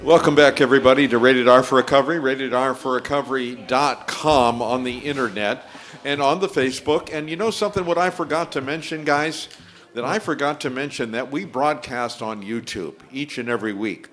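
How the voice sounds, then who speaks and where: A man hosting a recovery talk show with an ordinary mid-pitched voice. He rambles, backtracks and trips over names as he talks to viewers. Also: animated, moderate pace, faint music behind. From Florida. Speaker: host.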